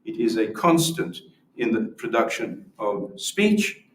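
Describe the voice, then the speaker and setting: A man's voice: lowish voice, big pitch swings, slow pace, slight background noise. A man giving an academic lecture with demonstrations, explaining patiently and often restarting his words. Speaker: symposium presenter. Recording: roomy echo from far off.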